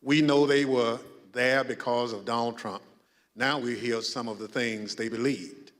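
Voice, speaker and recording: A man chairing a congressional hearing, speaking in a measured, formal way. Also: mid-range voice, fairly even intonation, fairly bright tone, in a large hall. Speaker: committee chairman.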